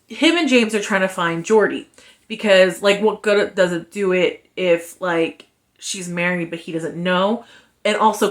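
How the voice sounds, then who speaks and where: A woman at a middle pitch talks through a book in a loose, chatty review. She is animated and frank, with plenty of slang, and acts out the characters' lines as she goes. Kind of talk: casual book review chat.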